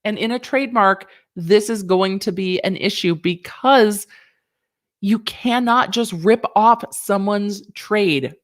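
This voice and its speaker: A woman's voice: medium pitch, slow. A woman hosting a casual livestream about a legal case, chatty and sassy with joking asides. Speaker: legal commentary host.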